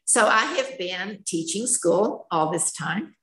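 A woman's voice: fairly low pitch, expressive, slow pace, fairly bright tone. An older woman, a retired schoolteacher, telling her life story in a candid, plainspoken, folksy way. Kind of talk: personal storytelling, candid share. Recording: echoey room.

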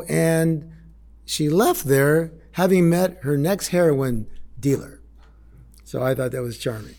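Gravelly middle-aged man telling his story. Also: mid-range voice, a little slow, darkish tone. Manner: blunt, raw storytelling with swearing and reenacted quotes. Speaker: speaker sharing a recovery story. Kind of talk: candid personal testimony.

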